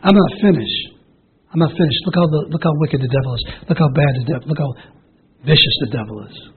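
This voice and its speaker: A man preaches an emotional sermon, his voice raised a little and raspy all through. He keeps repeating his lines and builds them up with feeling. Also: on the high side, fairly quick, phone-quality sound. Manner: emotional, repetitive, rising to shouted calls.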